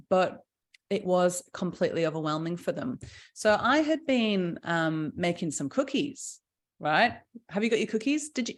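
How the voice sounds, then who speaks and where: A middle-aged woman, chatting enthusiastically through a live session as its founder and health coach. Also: on the low side. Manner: chatty, enthusiastic, with fillers and frequent laughs. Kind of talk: casual live presentation.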